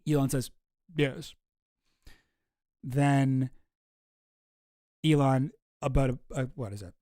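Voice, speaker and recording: A man's voice: mid-range voice, a little slow, mellow, dry recording, clean studio sound. A man on a casual livestream, reading messages aloud in mocking put-on voices and commenting sardonically. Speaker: streamer.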